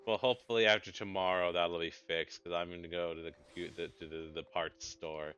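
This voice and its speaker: A man's voice: low-pitched, level tone, a little fast, fairly bright tone, slight background noise. A male streamer chatting casually while playing, grumbling and correcting himself. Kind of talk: casual gaming chat. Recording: dull lo-fi with game music.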